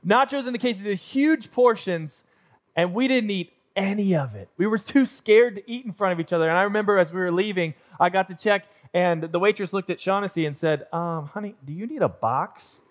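A young adult man preaching in church, telling a self-deprecating story and acting out the scenes in an animated way. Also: high-pitched, fast talker, few pauses. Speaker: pastor. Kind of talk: sermon storytelling. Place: church auditorium.

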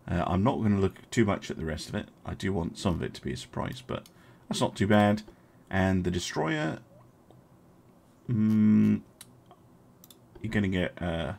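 Streaming a strategy game, a chatty young man reasons through his decisions aloud and replies to chat, peppering his casual commentary with ums and uhs. His low voice has a gravelly edge, and his pitch rises and falls a lot as he talks.

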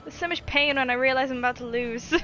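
A woman's voice: high voice, brisk, pushed and bright, soft background music. A woman giving casual let's-play commentary, exasperated at the game, swearing and laughing at herself. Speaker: gaming video host.

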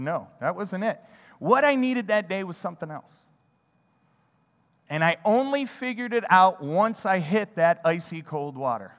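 A man preaching a sermon, telling a childhood story with animated delivery and acting out his own thoughts. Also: high-pitched, measured pace, long reverb tail. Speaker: pastor. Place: church sanctuary.

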